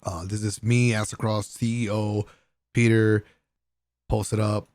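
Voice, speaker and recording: A gaming content creator telling a casual vlog story about a party, excitable and profane, often laughing and using slang. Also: male voice, lowish voice, a little slow, no room sound.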